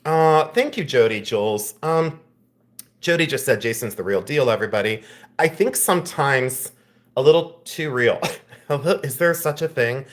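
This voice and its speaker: A man's voice: medium pitch, animated, moderate pace. A man hosting a live jewelry sale stream, teasing viewers in the chat, laughing often and turning tender when he speaks to a friend.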